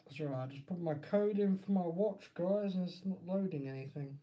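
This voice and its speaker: A man's voice: high voice, normal speed, muffled recording. A man with an Essex accent chatting casually and rambling on a live stream, laughing often.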